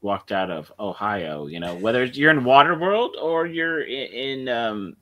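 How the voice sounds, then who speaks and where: A man in casual podcast chat, cracking quick jokes. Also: medium pitch, lively intonation, fairly bright tone. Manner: jokey, quips.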